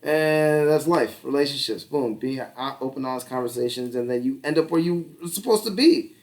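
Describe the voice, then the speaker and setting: Man, podcast co-host, casual rambling chat, swears a lot, laughs often, mid pitch, sounds set back from the mic. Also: expressive, moderate pace. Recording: distant mic.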